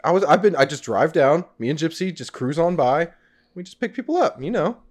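An evasive, blustering drifter on horseback who swears he's a mechanic, played by a man in an improv skit. He talks his way around every question. His voice runs a little high and swings widely as he bluffs. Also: very animated, brisk. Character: shady male horse-riding drifter posing as a mechanic.

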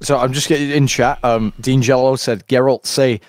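A man's voice: medium pitch, fairly even intonation, moderate pace, darkish tone, slight background noise. A British man hosting a livestream, laughing often as he reads out a comic rant and the chat. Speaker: livestream host. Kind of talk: casual stream chat and comic rant reading.

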